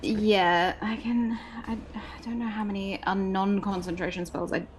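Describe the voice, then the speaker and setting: Woman player, casual and halting, middle pitch. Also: steady tone, a little hiss or hum. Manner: hesitant, thinking aloud with fillers. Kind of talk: casual tabletop game chat.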